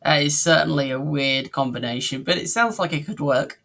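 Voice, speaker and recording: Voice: mid-range voice, normal speed, vocal fry, a bit bright. A co-host in a casual cartoon review chat, hesitant and often searching for words. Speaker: podcast co-host.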